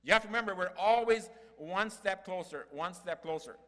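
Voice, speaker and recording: A man's voice: high-pitched, fairly quick, bright, forceful tone. An older man preaching a sermon in a church hall, earnest and folksy, building to emphatic peaks.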